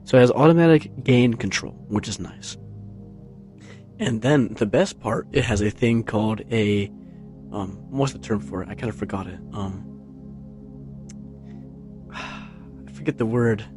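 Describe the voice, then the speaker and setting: Low-key rambling man on a desk mic. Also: measured pace, pauses often, darkish tone, faint music behind. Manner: rambling, many fillers and restarts, low-key. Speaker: vlogger. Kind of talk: casual rambling chat. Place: carpeted room at home. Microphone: tabletop USB microphone, close, with headphones on.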